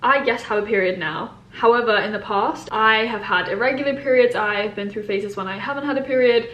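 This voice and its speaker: A young woman with a somewhat high voice talks through viewer questions in a casual vlog. She is candid and emphatic, rambling along with lots of fillers. The sound is roomy and echoey. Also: fairly quick, fairly bright tone, highs cut off. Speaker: YouTuber answering viewer questions. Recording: roomy echo.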